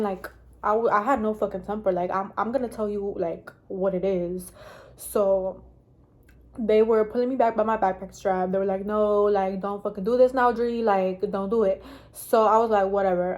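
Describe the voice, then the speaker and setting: A woman's voice: medium pitch, darkish tone. A young woman telling a casual storytime vlog, rambling and swearing, with lots of "like". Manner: rambling, profane, heavy use of "like". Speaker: vlogger.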